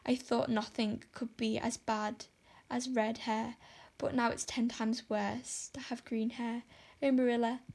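A woman's voice: on the high side, flat delivery, unhurried, creaky, few pauses, darkish tone, a little hiss or hum. A woman voicing a dramatic, despairing young orphan girl who pleads and exaggerates. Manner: melodramatic, pleading.

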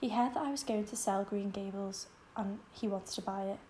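A woman's voice: on the high side, moderate pace, mellow, slight background noise, lightly acted. A woman reading an audiobook, voicing a stern, weary elderly spinster who speaks in a clipped, tired, bitter way. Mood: sorrowful. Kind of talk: audiobook character voice.

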